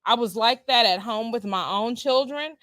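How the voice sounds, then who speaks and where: Co-host: woman, former principal, higher voice, dry close sound, animated anecdotal delivery. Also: normal speed, dry recording. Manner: storytelling, animated, repeats words, laughs often. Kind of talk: casual conversational chat.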